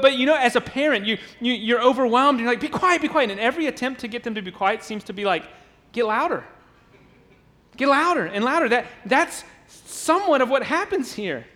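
High-voiced man preaching in an echoing church. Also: fairly bright tone. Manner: emphatic preaching, acts out crowd voices, repeats words. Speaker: pastor. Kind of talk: sermon. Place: church sanctuary.

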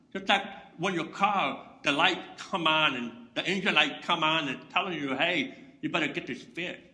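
Man, pastor preaching, slow and deliberate, loud to near-whisper, echoey room. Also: a little high. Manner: swings from loud proclamation to hushed near-whisper. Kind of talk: sermon.

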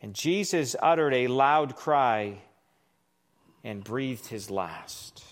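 Man preaching a slow, deliberate sermon. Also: a little high. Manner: slow, deliberate scripture reading with dramatic emphasis on quotes. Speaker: pastor.

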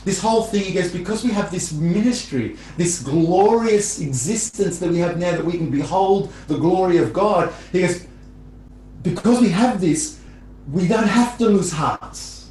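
A man delivers a sermon in a conversational, repetitive way, his voice sitting a little high. He grows animated as he tells stories to the congregation. The room rings with echo, and a faint hum sits underneath. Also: moderate pace. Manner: conversational, repeats phrases, rises animatedly in stories. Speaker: preacher.

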